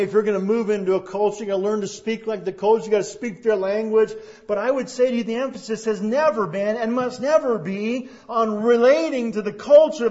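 Man, pastor, sermon, high voice, emphatic preaching, muffled lo-fi sound. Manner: prays softly, then preaches with rising emphasis. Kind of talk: sermon with opening prayer. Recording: dull lo-fi sermon recording.

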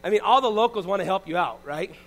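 High-voiced animated male preacher. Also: fast, low-quality recording. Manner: animated preaching, swinging between loud and hushed. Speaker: pastor. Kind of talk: sermon.

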